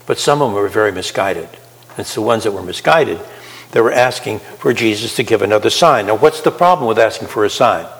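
A man's voice: on the low side, lively intonation, fairly quick, a bit bright. A man preaching a sermon, talking conversationally and putting questions to his listeners. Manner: conversational, asks the audience questions. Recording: reverberant hall.

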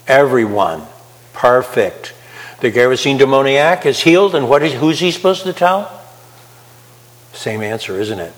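A man's voice: mid-range voice, measured pace, long reverb tail, poor audio. A man preaching a sermon, asking his listeners questions as he explains a Bible passage. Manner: animated, asks the audience questions.

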